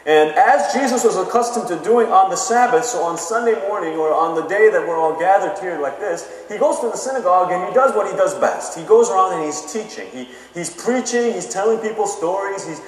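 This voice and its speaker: A man's voice: high voice, expressive, a little fast, few pauses. Man preaching in an echoey hall. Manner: conversational, keeps asking "okay?". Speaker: pastor. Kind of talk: sermon. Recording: echoey hall, mic from far off.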